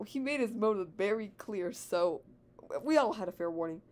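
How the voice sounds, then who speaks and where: A woman's voice: medium pitch, expressive, normal speed, darkish tone. A teenage girl reading her own fan story aloud, giggling and commenting on her own reading. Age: teens.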